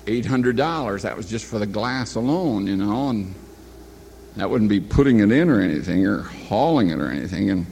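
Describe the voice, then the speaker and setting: A man's voice: on the low side, animated, normal speed, creaky, a little mellow, a little hiss or hum. An older man telling a long personal anecdote in a folksy, meandering way, often stopping to correct himself. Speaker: storyteller. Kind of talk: rambling spoken anecdote.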